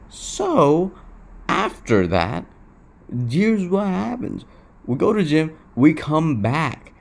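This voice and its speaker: A man's voice: fairly high pitch, very animated, slow, creaky. A young man talking candidly to his camera, restless and emotional, who swears, repeats himself and keeps saying "bro.". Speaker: vlogger. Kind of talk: confessional talk to camera.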